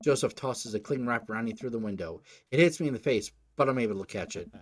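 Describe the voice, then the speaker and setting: A man's voice: mid-range voice, expressive, quick pace. A young man, a let's play host, reading a dating game aloud with joking, crude asides. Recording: faint game music behind.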